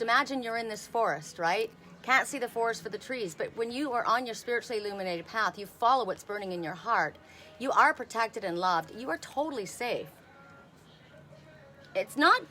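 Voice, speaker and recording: A woman's voice: medium pitch, sharp tone. A woman in her fifties giving a chatty live-stream oracle card reading, talking to viewers by name and laughing often. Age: 50s.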